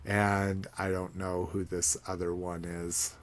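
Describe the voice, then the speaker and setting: A man's voice: sits low, little pitch movement, slow pace. A man hosting a casual podcast chat about toy collecting, rambling with fillers and restarts. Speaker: podcast host.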